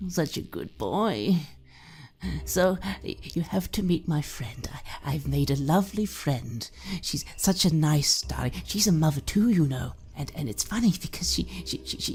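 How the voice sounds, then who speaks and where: A woman's voice: deep voice, lively intonation, a little slow, gravelly, darkish tone, breathy edge, pitched above the performer's own voice, full character voice. A woman voicing a tipsy, doting, sinister mother who coos, stammers and drops into whispers. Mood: wheedling.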